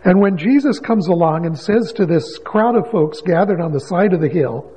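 Husky-voiced pastor in a reverberant hall. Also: male voice, sits high, animated, moderate pace, dark tone. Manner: conversational storyteller, rises to emphatic questions. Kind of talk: sermon with storytelling. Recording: dull lo-fi sound with long hall reverb.

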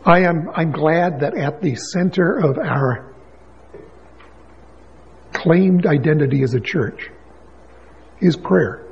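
A man's voice: a little high, takes it slowly, creaky, long pauses, slight background noise. A man preaching a sermon as a pastor, telling a story in a conversational way and building to emphatic questions. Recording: dull lo-fi sound with long hall reverb.

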